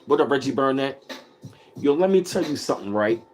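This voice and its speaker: Emphatic man with a lively voice. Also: mid-range voice, a little fast, faint music behind. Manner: emphatic, repetitive, profane, addresses chat. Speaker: livestream host reading chat. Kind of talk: casual livestream talk.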